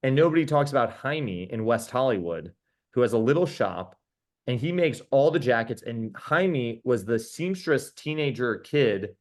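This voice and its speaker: A man, a podcast host, telling stories in casual chat as a guest, animated and enthusiastic with quick restarts. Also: mid-range voice. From New York. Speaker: podcast host being interviewed. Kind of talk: casual storytelling.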